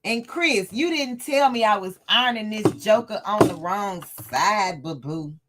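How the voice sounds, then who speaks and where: A woman's voice: medium pitch, animated, a little slow, fairly bright tone, slight background noise. A woman hosting a casual livestream sewing lesson, chatty and laughing often as she talks to her live chat. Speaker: sewing tutorial host.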